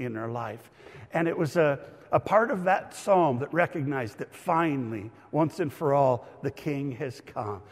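Pastor, middle-aged man, energetic teaching sermon with bursts of emphasis; sits a bit high, long room reverb. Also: moderate pace. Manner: animated, shouts for emphasis, teaching aside.

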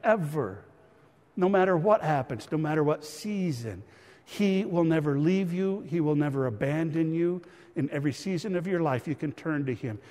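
Speaking at a normal speed with a darkish tone, this middle-aged pastor's voice sits on the high side. His sermon, echoing through a church hall, centers on a family story in which he mimics a child's quoted words and addresses the congregation as friends.

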